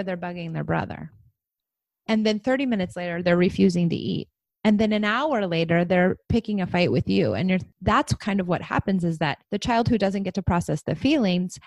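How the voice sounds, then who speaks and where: A woman in her forties co-hosting a casual parenting podcast, telling stories with lively acted-out quotes. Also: fairly low pitch, fairly quick, no room sound. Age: 40s. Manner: animated storyteller, acts out kids' voices. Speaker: podcast co-host, parent coach.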